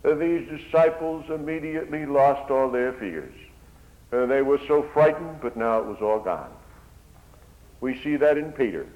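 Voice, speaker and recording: A man's voice: mid-range voice, lively intonation, moderate pace. A man preaching a sermon, impassioned, his voice swelling and dropping. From Netherlands. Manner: impassioned, swells and drops in volume. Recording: dull lo-fi recording.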